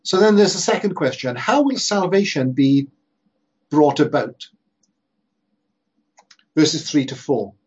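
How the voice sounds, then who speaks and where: A man preaching a sermon in an earnest, emphatic way, slowing down to stress repeated phrases. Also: on the high side, lively intonation, a little mellow, husky. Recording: dull lo-fi sermon recording.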